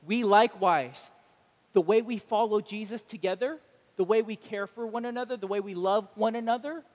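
A man pastor preaching a sermon, animated and emphatic, acting out imagined dialogue. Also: high-pitched, normal speed, long reverb tail.

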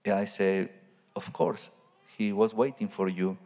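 Man, catholic priest doing a homily, halting english, lots of echo. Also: on the low side, little pitch movement, mellow. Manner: halting non-native English, searching for words.

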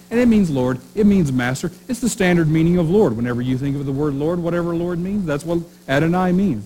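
A man's voice: mid-range voice, a little mellow, slight background noise, rough recording. A man preaching a sermon as pastor, speaking conversationally with rhetorical questions and frequent restarts.

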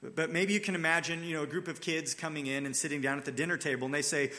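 A man's voice: a little high, quick pace, few pauses, sharp tone. A man preaching a sermon, telling the scripture story in an earnest, dramatic way. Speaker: pastor.

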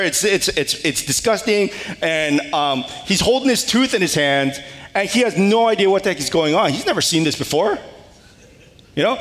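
A man in his thirties preaching a sermon as pastor, telling a family story with lively animation. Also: sits high. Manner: animated storytelling with wails and laughs. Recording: long hall reverb.

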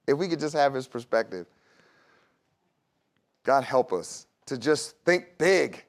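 A man's voice: mid-range voice, very animated, slow pace, long pauses. A man preaching a sermon in a conversational way, with laughs and asides to the congregation. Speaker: pastor.

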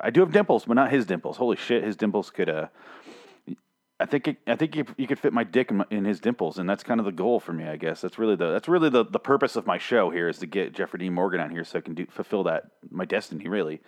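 A man's voice: low voice, lively intonation, fast. A man rambling through a casual solo recap of a TV episode, profane, joking and self-mocking.

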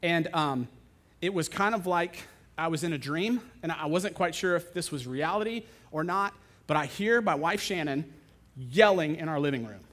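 Animated man preaching a sermon. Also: fairly high pitch, moderate pace. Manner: animated storytelling, acting out other voices. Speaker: pastor.

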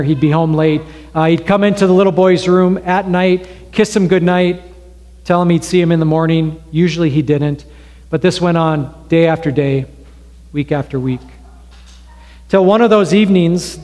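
A man preaching a sermon in a church, telling an illustration story in a conversational way with pauses. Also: on the high side, darkish tone. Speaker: pastor. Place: church sanctuary. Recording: long reverb of a hall.

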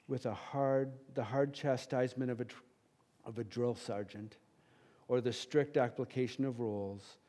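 Passionate middle-aged male preacher. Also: medium pitch. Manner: passionate, emphatic preaching with sudden loud peaks. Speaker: pastor. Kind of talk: sermon. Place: church.

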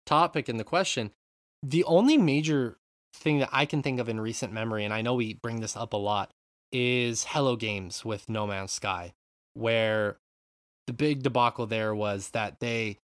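A man hosting a casual gaming podcast, animated and rambling, with free swearing. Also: fairly low pitch, moderate pace, no echo. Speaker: podcast host. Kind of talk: casual chat.

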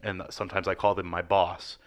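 A man co-hosting a podcast, giving a rambling, deadpan comic recap in casual chat. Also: sits low, brisk. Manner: rambling, deadpan jokey storytelling. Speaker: podcast co-host.

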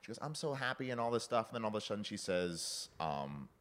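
A very deep-voiced man in a relaxed podcast conversation. He tells stories with energy and often slips into quick impressions of the people he describes. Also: clean tone. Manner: animated storytelling, acts out quoted lines, laughs often. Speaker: podcast guest discussing film. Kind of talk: casual chat.

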